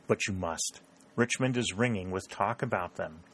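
A man's voice: low-pitched, moderate pace, slightly rough. A man reading a proud, ardent male secretary who pleads his love in an audiobook. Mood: relentless.

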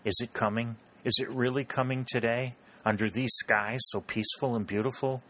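A man voicing a gentle young woman braced for bad news, spoken softly and earnestly, only a little above his own voice. She comes across as anxious as the narrator puts her on in a storybook reading. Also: mid-range voice, fairly even intonation, normal speed.

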